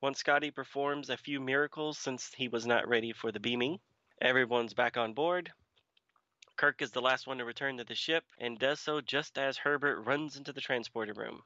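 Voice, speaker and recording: A man's voice: medium pitch, normal speed, bright, forceful tone, no room sound. A man co-hosting a podcast, chatting casually with dry, teasing humor. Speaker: podcast co-host. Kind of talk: casual chat. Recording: slightly dull lo-fi sound.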